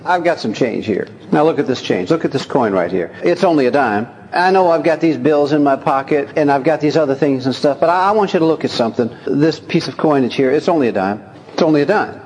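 A man preaching a sermon in a folksy, lively way, chuckling as he talks and reading scripture aloud. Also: fairly high pitch. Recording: long hall reverb.

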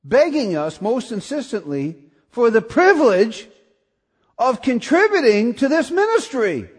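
A man preaching a sermon and reading scripture aloud, often asking the congregation questions and rising to excited, high-pitched calls. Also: unhurried, slightly rough. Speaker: pastor.

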